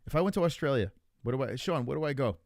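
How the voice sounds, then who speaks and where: Lively, rambling male streamer. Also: medium pitch, racing, vocal fry, dry recording, studio quality. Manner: loose, rambling, crude, talks to chat. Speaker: streamer host. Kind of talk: casual live-stream chat reacting to videos.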